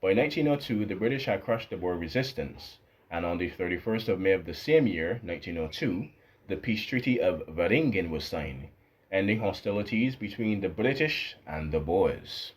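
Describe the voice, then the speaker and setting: Deep-voiced man narrating history casually. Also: expressive, moderate pace, husky. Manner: rambling asides, thinks aloud with fillers. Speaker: history channel host.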